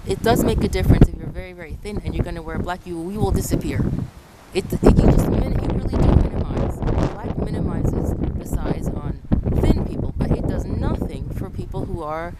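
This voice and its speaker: A woman's voice: lowish voice, brisk. Earnest woman talking into heavy wind. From Ecuador. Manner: earnest, repeats herself while giving advice. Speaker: vlogger. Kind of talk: casual talk to camera. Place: outdoors on a windy day. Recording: loud wind noise buffeting the mic outdoors.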